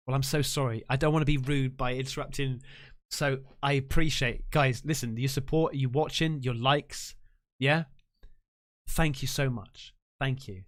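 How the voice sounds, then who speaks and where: A man hosting a live stream, chatting casually and excitedly, full of slang and thanking viewers effusively. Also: mid-range voice, moderate pace. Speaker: livestream host.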